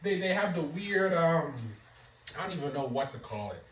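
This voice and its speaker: A woman's voice: sits low, normal speed, roomy sound, slight background noise, poor audio. A woman giving a casual wrestling show review, ranting with lots of swearing. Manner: profane, animated ranting.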